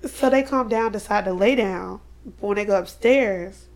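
A woman co-hosting a casual podcast chat, retelling a story with lively acted-out quotes and slang. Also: medium pitch, normal speed. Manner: animated, acts out quotes, slangy. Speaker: podcast co-host. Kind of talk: casual chat recapping a horror novel.

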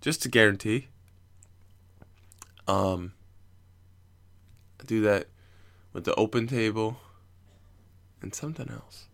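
A man's voice: on the low side, takes it slowly, vocal fry, long pauses, fairly bright tone. A young adult man telling stories in a casual, comic way, rambling and swearing and laughing at his own jokes.

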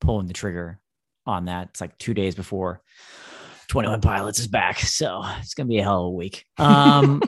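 A man co-hosting a music podcast, enthusiastically pitching songs and bands. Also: normal speed, no room sound. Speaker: podcast co-host. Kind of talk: casual music chat.

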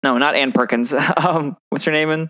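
A man in casual podcast chat, his voice smooth and resonant, recorded close and dry with no room sound. He talks animatedly and laughs often as he retells scenes he loves. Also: on the high side, moderate pace, bright, forceful tone, dry recording. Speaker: podcast co-host.

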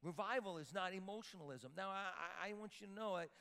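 In a church sanctuary with long reverb, a pastor of Sicilian-Italian heritage preaches emphatically, repeating words as he builds up. His voice sits high and sounds fast, bright and forceful in the echoing hall.

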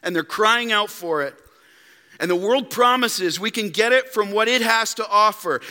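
A man preaching a sermon as pastor, emphatic, dropping to quiet rhetorical questions. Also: high-pitched, normal speed. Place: church. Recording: long reverb in a church hall.

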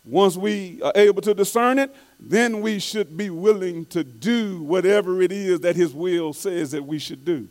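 A man preaching a sermon, reading quotes slowly and repeating key phrases for emphasis, with frequent restarts. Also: sits high, a little mellow. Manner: stumbles and restarts often.

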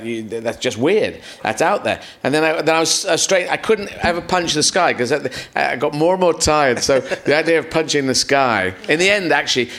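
A man, a comedian guest on a live podcast, telling rambling, animated stories full of acted-out quotes and swearing. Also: mid-range voice.

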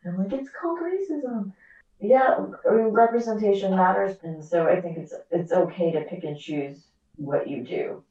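Distant echoey woman, animated actor guest. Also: fairly low pitch. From America. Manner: animated, quick asides, acts out quoted dialogue. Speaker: actor and author, podcast guest. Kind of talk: candid interview conversation. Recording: echoey, distant, dull remote audio.

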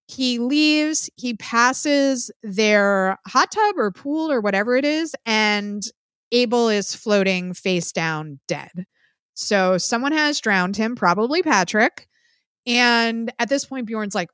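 Woman, podcast co-host, casual profane storytelling, slightly high voice, dry close sound. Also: lively intonation, takes it slowly, fairly bright tone, clear, resonant tone, no echo. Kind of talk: casual film recap chat.

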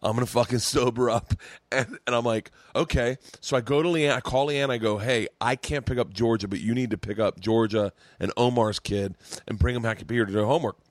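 A man guesting on a comedy podcast, telling a story in relaxed casual chat and filling gaps with easy agreement. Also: medium pitch, fairly quick, no echo. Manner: relaxed, chimes in with frequent "yeah".

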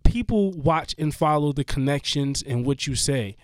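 A man hosting a podcast in casual chat, rambling and emphatic with many restarts, his voice a little hoarse. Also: a little high, animated, moderate pace, dry recording. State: slightly hoarse. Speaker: podcast host.

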